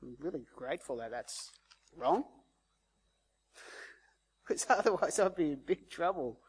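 A man's voice: fairly high pitch, animated, unhurried. A man preaching a sermon in a conversational way, acting out the voices in the story he tells. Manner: conversational, acts out quoted voices. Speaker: pastor.

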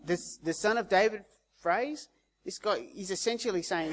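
A male preacher with a somewhat high voice. He talks through the sermon casually and conversationally. He slips into the voices of the people in the story as he tells it. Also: normal speed. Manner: conversational, acts out quoted voices. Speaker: pastor.

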